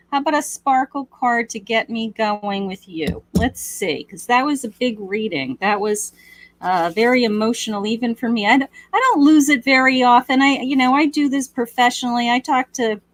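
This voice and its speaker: A woman hosting a live psychic reading for viewers, speaking gently with endearments and many fillers. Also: mid-range voice, no room sound. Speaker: psychic medium host.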